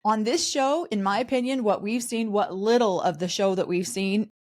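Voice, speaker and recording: A woman's voice: mid-range voice, normal speed. A woman co-hosting a podcast, recapping a reality show in casual chat and mocking the people she talks about. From raised in a polygamous community. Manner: animated, mocking impressions of others. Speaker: podcast co-host.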